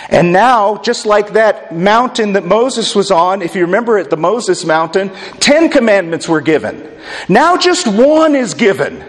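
Preacher in a reverberant hall. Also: male voice, on the high side, big pitch swings. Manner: dramatic swings between loud and hushed, slow emphatic phrasing. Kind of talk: sermon. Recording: long reverb of a large hall.

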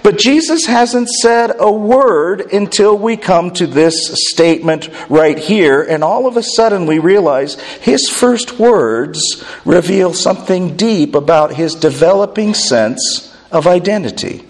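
A male pastor preaching a sermon, animated and full of rhetorical questions. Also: high-pitched, measured pace. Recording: long hall reverb.

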